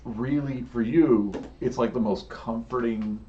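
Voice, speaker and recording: A man narrating a tabletop game as game master, unhurried and laughing often. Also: medium pitch, dark tone, far from the mic. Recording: dull lo-fi sound, faint room noise.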